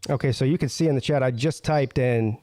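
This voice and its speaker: Male host, casual mocking commentary, dry room, mid pitch. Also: a little fast, a little mellow, no room sound. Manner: loose and mocking, lots of filler. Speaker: show host. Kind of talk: casual commentary over a played video.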